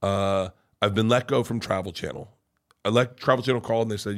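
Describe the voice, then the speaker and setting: A man's voice: fairly low pitch, a little fast. A middle-aged man, a comedian guest, telling stories in a rambling, profane way with many restarts. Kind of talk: casual storytelling chat.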